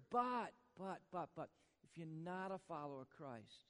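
A man preaching a sermon in a church, swinging from hushed lines to booming ones with joking asides. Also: lively intonation, unhurried, long reverb tail. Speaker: pastor.

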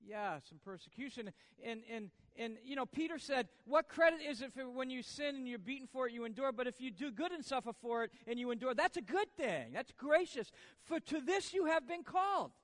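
A man with a high, ringing voice preaches a sermon, dropping to near-quiet and then climbing to loud peaks. He keeps throwing questions back at the congregation. The sound carries the long tail of a big reverberant hall. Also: lively intonation, brisk, hardly any pauses. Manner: swings from hushed to loud, asks the congregation rhetorical questions. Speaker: pastor.

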